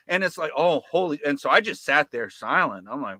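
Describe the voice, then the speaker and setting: A man's voice: on the high side, lively intonation, a little fast, few pauses, pushed and bright, no echo. A man, a filmmaker guest, telling a story in casual talk, profane and sarcastic, with lots of fillers and restarts.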